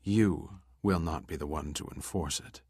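A man voicing a cold, menacing male pirate leader with a low, rasping voice. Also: fairly even intonation, normal speed, fairly bright tone, no echo, clean studio sound, heavily acted.

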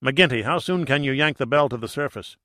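Man reading a cool tough male diver, clipped and wry, bright dry voice, audiobook. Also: medium pitch, brisk, dry recording, close to an everyday voice. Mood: steady.

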